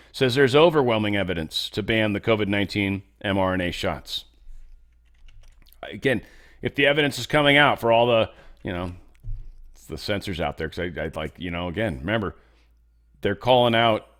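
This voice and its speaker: A man's voice: on the low side, a bit bright. Rambling man hosting a commentary show. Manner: rambling, joking asides. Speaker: host. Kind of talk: casual news commentary.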